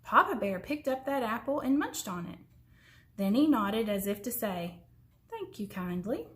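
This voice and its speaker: A woman reading a children's story aloud in an expressive way, slowing down for suspense. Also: a little high. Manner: expressive, slows down for suspense, sometimes drops to a whisper.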